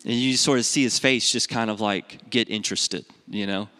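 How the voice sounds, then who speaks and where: Bright-voiced man preaching a sermon. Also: normal speed. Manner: animated storytelling, rising in pitch when acting out dialogue. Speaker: pastor. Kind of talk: sermon with personal story.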